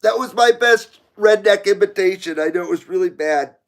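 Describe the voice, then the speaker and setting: A man's voice: high voice, normal speed. A man hosting a live stream, rambling casually as he reads viewer comments aloud and laughs often. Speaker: livestream host reading viewer chat. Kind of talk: casual chat.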